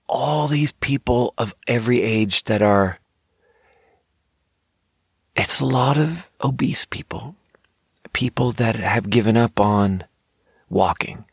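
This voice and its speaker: Low-voiced young man, rambling and jokey. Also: dry recording, studio quality. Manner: rambling, profane, jokey storytelling. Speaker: podcast host reviewing sparkling water. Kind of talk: casual monologue.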